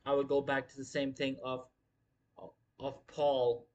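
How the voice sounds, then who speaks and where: Guy ranting on his wrestling livestream, swears a ton, keeps repeating himself, normal mid pitch. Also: monotone, unhurried, a little mellow, dull audio. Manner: profane, emphatic, repeats himself. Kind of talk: casual livestream commentary.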